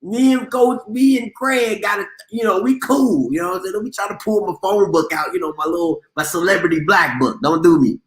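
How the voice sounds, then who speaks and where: A man's voice: high-pitched, brisk, few pauses, echoey room. A man hosting a live sports talk show, talking in an emphatic, slangy way and repeating himself for effect. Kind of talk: casual sports commentary.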